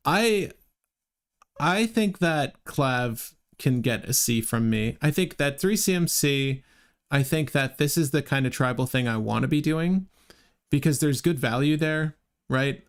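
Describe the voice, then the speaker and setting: Chatty gravelly-voiced male streamer. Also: medium pitch, animated. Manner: halting, restarts often, chatty with audience. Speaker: co-host ranking game cards on a livestream. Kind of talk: casual live-stream chat.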